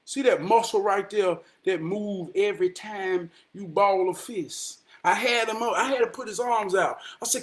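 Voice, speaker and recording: Man with a really high voice, fired-up preachy talk, goes hushed then loud, slangy. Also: normal speed, hardly any pauses. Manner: Southern US slang, swings from hushed storytelling to shouted preaching and sung lines. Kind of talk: spirited inspirational talk, preaching and singing.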